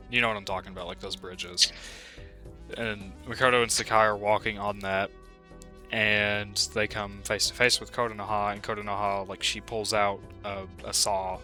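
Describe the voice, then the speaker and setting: A man's voice: fairly low pitch, bright, forceful tone. A young man co-hosting a casual chat, rambling loosely and laughing easily. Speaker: co-host.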